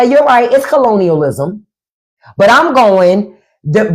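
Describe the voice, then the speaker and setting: A woman hosting a livestream, talking in a blunt, profane and sarcastic way. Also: on the high side. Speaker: livestream and podcast host. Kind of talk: unscripted livestream commentary.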